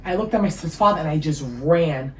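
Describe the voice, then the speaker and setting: A woman's voice: low voice, a little fast. A woman, giving an emotional personal testimony as an interview guest. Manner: emotional, storytelling, animated. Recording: echoey room with faint ambient noise.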